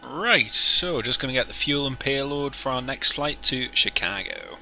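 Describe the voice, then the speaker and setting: A man's voice: mid-range voice, expressive, moderate pace, bright, forceful tone, slight background noise. A young man chatting and joking with viewers while flying a simulator on a live stream. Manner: jokey, chatty, talks to viewers while working. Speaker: flight sim streamer. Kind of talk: casual live-stream chat.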